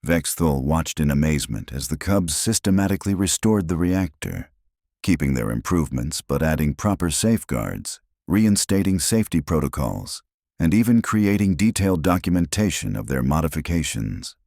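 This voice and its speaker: A man reads a science fiction story aloud with a very low voice. His delivery swings widely in pitch as he tells it. The recording is close and dry. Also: very animated, normal speed, vocal fry, darkish tone, no echo. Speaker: narrator. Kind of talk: scripted narration.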